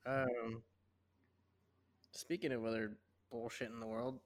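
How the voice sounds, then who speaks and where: A man's voice: mid-range voice, little pitch movement, unhurried. A man co-hosting a podcast, joking bluntly in casual chat. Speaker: podcast co-host.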